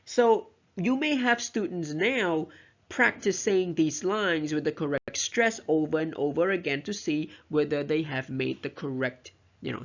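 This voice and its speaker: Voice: medium pitch, a bit bright. A teacher giving a lecture on pronunciation, explaining step by step and modeling example sentences aloud. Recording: dull, lo-fi recording.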